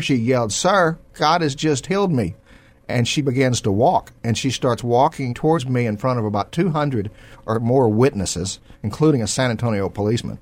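Man telling a faith healing story. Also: medium pitch. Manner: rambling storyteller with many fillers and throat clearing. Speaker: sculptor and show regular. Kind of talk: testimony in a Christian talk show.

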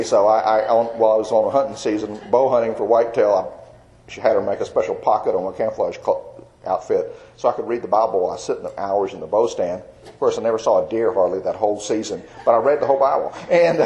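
An older Christian artist shares his personal faith testimony in a lowish, warm voice, talking fast over poor audio. He's a folksy storyteller who rambles and leans on lots of fillers.

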